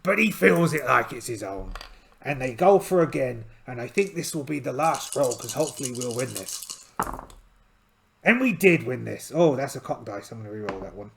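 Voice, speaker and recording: A man's voice: medium pitch, animated, moderate pace, vocal fry, a little hiss or hum. A man narrating a solo tabletop game in a chatty, self-amused way, adding playful asides as he rolls dice.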